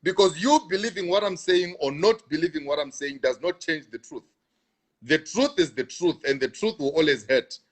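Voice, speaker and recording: A man's voice: on the high side, animated, normal speed. Emphatic man repeating his points. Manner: repetitive, emphatic, stammering restarts. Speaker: online preacher answering viewers. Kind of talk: live-stream talk.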